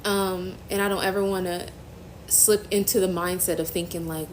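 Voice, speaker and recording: A young woman hosting a faith-based phone live stream, giving an emotional personal testimony in a halting, earnest way, near tears. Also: lowish voice, steady tone, slight background noise, rough recording. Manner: halting, earnest, trailing off and restarting.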